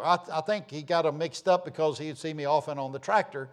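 A man's voice: on the high side, fast. A man pastor telling folksy stories and announcements in church, rambling with many fillers and restarts. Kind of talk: informal sermon announcements and storytelling.

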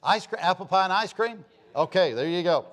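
A Southern preacher man delivers a homespun sermon, his fairly high voice rising into loud calls and dropping into quiet asides. His Southern accent colors every story he tells. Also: lively intonation, fairly quick. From Georgia, US. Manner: folksy storytelling, swinging between loud preaching and low asides. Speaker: pastor.

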